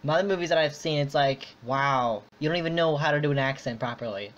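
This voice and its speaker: A man's voice: on the high side, very fast. A man hosting a casual online chat, rambling with lots of fillers and restarts. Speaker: podcast host. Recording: dull lo-fi audio.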